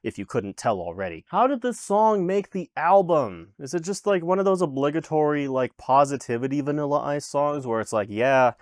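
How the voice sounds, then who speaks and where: A man talks through a music review with exasperated sarcasm, swearing freely. His voice jumps up and down in pitch as he complains. The sound is dry and close, with no room around it. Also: animated, brisk, few pauses, dry recording. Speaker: music reaction host. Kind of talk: casual album reaction commentary.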